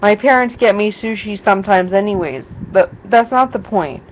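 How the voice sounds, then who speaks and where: A woman's voice: mid-range voice, moderate pace. Rambling young woman, lo-fi vlog. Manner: rambling, many fillers and quoted voices. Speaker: vlogger. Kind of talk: casual storytelling to camera. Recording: dull lo-fi sound with faint noise.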